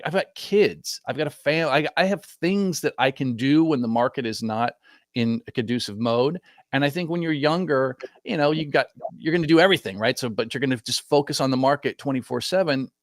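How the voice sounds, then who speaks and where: A man's voice: mid-range voice, no echo, studio quality. A middle-aged man, a guest trader, talking casually in a reflective, rambling way that corrects itself often. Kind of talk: casual chat.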